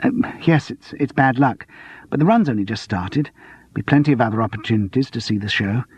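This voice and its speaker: A man's voice: medium pitch, animated, a little fast, husky, no echo. A man voicing a flustered, defensive middle-aged woman who runs a theatre box office, in a storybook reading. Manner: anxious, defensive, sarcastic. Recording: dull lo-fi dry audiobook recording.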